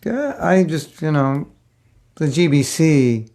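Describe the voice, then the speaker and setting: Gravelly older man teaching. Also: a little high, lively intonation, slow pace, a little mellow. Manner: conversational, rambling, with many fillers and restarts. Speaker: spiritual teacher giving a class. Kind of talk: casual storytelling lecture.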